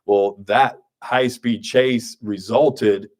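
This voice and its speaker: A man, hosting a radio show in a studio with joking, grumpy banter and quick asides. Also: medium pitch, steady tone. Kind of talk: casual radio talk.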